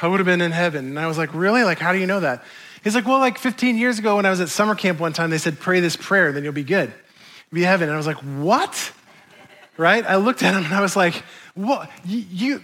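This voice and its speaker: A middle-aged male pastor preaching a sermon in a conversational, animated way, acting out quotes. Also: high-pitched.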